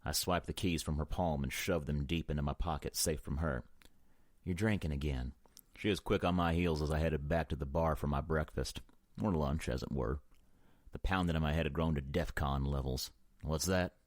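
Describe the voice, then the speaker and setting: A male audiobook narrator with an extremely low voice who reads in a measured, brooding way. The sound is dry and close-miked, without any room echo. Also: steady tone. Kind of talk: first-person audiobook narration.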